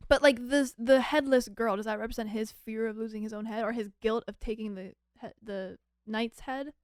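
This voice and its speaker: A woman's voice: on the high side, fairly even intonation, normal speed, darkish tone, clear, resonant tone, dry recording, studio quality. A young woman co-hosting a movie podcast in casual chat, who keeps asking curious follow-up questions. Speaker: podcast co-host.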